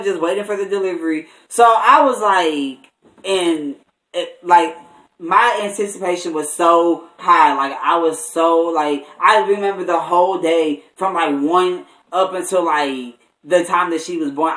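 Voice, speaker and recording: Brief: young male vlogger, chatty and animated, voice bouncing around an echoey room from a distance. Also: high voice. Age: young adult. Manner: animated, full of "like" and restarts. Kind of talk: casual storytime.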